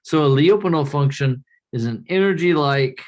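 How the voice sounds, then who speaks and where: A man giving a classroom lecture in a relaxed, conversational way, often checking in with the class by asking "right?". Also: fairly high pitch, moderate pace.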